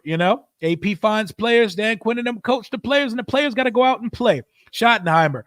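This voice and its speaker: A fired-up man hosts a football watch-party stream and talks loose, profane and animated, laughing often. His voice sits high for a man, and the sound is dry and close with no room around it. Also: moderate pace, few pauses, no room sound. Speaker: livestream host. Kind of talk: casual sports watch-party commentary.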